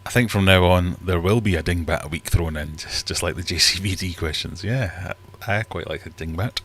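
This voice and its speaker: A man's voice: low-pitched, fairly quick, a bit bright, husky. A middle-aged Scottish man hosting a live stream from his home fish room, chatting in a rambling, self-deprecating way. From Scotland. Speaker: livestream host. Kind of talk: casual live-stream chat.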